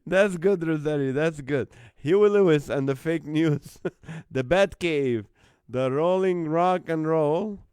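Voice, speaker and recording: Here the voice is a little high and slightly mellow, with a clean tone and a slow pace, recorded in clean studio sound without echo. He's a man running a live call-in comedy stream at home on his phone, casually reading viewer comments and laughing through their joke band names.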